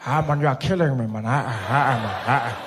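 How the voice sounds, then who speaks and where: A man impersonating an elderly statesman in a stand-up comedy set, with slow, drawn-out, mumbling exclamations. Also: mid-range voice, background noise, voice pushed down, natural voice. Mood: bemused, weary. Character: frail elderly statesman, slow, warm-voiced.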